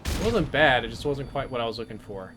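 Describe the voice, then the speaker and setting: A man's voice: medium pitch, expressive, brisk, background noise. Chatty male gamer over gunfire. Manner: chatty, answers chat between plays. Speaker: live-stream gamer. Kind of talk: casual live-stream commentary. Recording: game gunfire under the voice.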